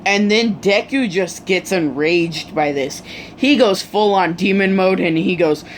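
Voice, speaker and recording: Casual fan storyteller, rambling, lots of fillers, slow, faint hum. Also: mid-range voice.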